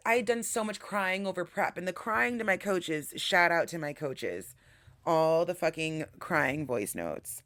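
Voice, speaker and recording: A woman's voice: lowish voice, dry recording, studio quality. A young adult woman hosting a podcast, telling a story casually, swearing freely and hyping herself up emphatically. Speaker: podcast host.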